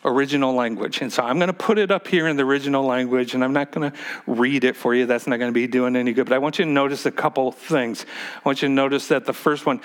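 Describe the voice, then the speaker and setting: Halting man preaching a sermon. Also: medium pitch, fairly even intonation. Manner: halting, repeats words, calls for congregation response. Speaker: pastor.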